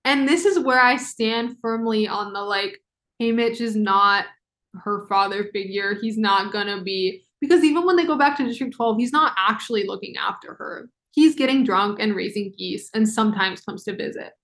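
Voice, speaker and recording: A woman hosting a casual book discussion podcast, chatty and emotional, with quick asides and lots of "like"s. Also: medium pitch, fairly bright tone. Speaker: podcast host.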